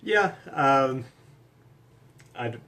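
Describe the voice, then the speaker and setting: A man, co-hosting with his wife, giving measured, gentle advice to couples in a candid conversation. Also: mid-range voice, expressive. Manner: measured, gently advising like a counselor. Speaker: husband and co-host.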